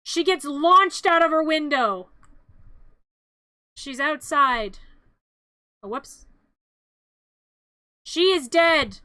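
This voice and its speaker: A woman streamer giving a comedic movie recap, playful, jumping into loud excited outbursts. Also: high-pitched, drawn-out words, long pauses, dry recording.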